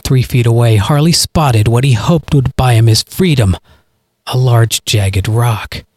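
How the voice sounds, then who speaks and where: A man reading his own audio story aloud as its narrator, in a dramatic, expressive way. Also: mid-range voice, a little slow, no echo, studio quality. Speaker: podcast author and narrator.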